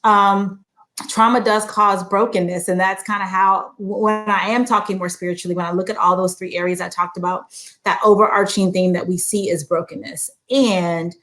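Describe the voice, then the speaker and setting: A woman guest who works as a licensed counselor talks casually and conversationally, with a spiritual framing. Her voice sits at a middling pitch for a woman. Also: steady tone, moderate pace, fairly bright tone.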